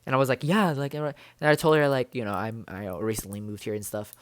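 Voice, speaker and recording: A young man chatting in a bubbly, rambling way for his vlog, full of fillers and excited exclamations. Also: lowish voice, quick pace, clean tone, dry recording, clean studio sound. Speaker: vlogger.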